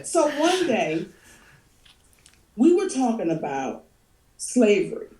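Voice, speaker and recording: A woman guest telling animated stories in an interview, expressive and laughing often. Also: medium pitch, slow, echoey room, recorded from a distance. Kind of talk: animated storytelling.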